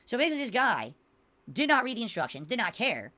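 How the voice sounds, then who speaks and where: A woman's voice: on the high side, sing-song, fast, bright, forceful tone. A woman hosting a podcast from her room at home, ranting in a casual, exasperated way and answering viewers in the chat. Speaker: podcast host. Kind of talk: casual livestream rant.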